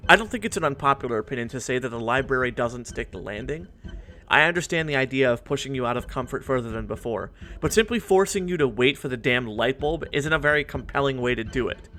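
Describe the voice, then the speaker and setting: A man's voice: medium pitch, lively intonation, fast talker, pushed and bright. A man in his twenties narrating a scripted video essay in an earnest, reflective way.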